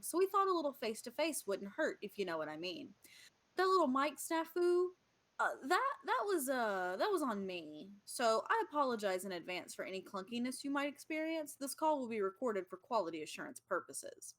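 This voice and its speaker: A woman's voice: fairly high pitch, pitched above the performer's own voice. A woman putting on a chipper, fumbling God. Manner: sheepish and chipper, like a customer-service rep. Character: friendly fumbling male God on a video call.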